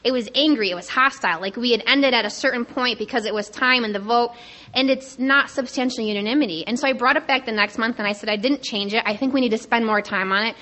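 Fast-talking excited young woman. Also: on the high side. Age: young adult. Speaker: panel speaker at a recovery conference. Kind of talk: personal share talk.

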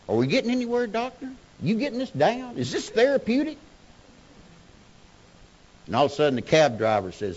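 A man's voice: mid-range voice, wildly swooping pitch, normal speed, long pauses, breathy edge, muffled recording. Man telling a raw, emotional story. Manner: Southern-style storytelling, emotional swings from hushed to shouting. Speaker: speaker sharing recovery story. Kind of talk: personal testimony talk.

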